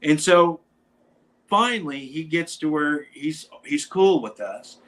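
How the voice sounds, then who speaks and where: A man's voice: fairly high pitch, takes it slowly. A man, a musician guest on a talk show, telling a casual anecdote with animation and acting out what people said. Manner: animated storyteller who acts out quoted lines.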